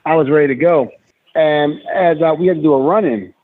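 A man's voice: a little high, fairly quick. Man telling stories over a tinny line. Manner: rambling storyteller, frequent fillers. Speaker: guest. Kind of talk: casual chat. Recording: tinny phone-like remote line with faint noise.

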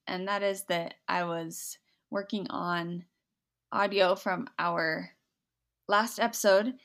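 A woman's voice: on the low side, a bit bright. Sleepy-voiced woman podcast co-host. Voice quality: slightly scratchy voice. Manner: chatty, laughs easily. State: sleepy from recording early in the morning. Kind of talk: casual chat.

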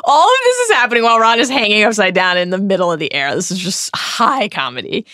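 A woman's voice: mid-range voice, animated, fast talker, pushed and bright, dry recording, clean studio sound. A woman co-hosting a casual book-discussion podcast, recapping scenes with laughing enthusiasm. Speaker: podcast co-host.

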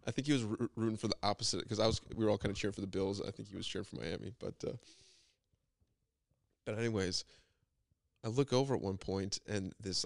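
A young man chats on a podcast and tells his story in a loose, rambling way, with "like" in nearly every phrase. His voice sits a little low. It is recorded close and dry, with no room sound. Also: creaky, no echo. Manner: laid-back storytelling full of "like". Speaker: podcast guest. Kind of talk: casual chat.

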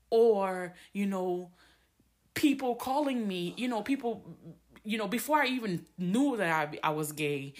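A young adult woman podcasting alone, talking candidly and emotionally with many restarts, a little teary. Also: lowish voice. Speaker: podcast host. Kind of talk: personal monologue.

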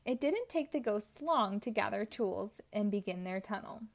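A woman reading a children's storybook aloud in a slow, expressive way, lightly voicing the characters. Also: mid-range voice, gravelly. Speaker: storybook reader.

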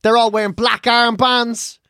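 An Irish woman hosting a podcast, telling an animated, sweary story with bursts of laughter. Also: a little high, unhurried, noisy background. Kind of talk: casual chat.

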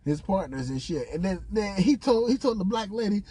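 A man's voice: high-pitched, expressive, fairly quick, dark tone, husky. A man hosting a podcast in casual chat, telling a loose, profane story with a lot of laughter. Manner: acts out other people's words in exaggerated voices. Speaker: podcast host.

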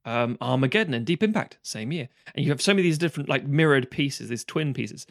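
A fast-talking man co-hosting a casual film chat, his thoughts spilling out in restarts and asides. His voice is dry and close, with no room around it. He swears freely as he goes. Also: mid-range voice, animated, vocal fry, dry recording. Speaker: podcast co-host.

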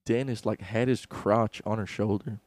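A man's voice: fairly low pitch, steady tone, normal speed, darkish tone, no echo. A young man co-hosting a podcast, telling laid-back, swearing anecdotes and laughing often. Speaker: podcast co-host. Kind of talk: casual chat.

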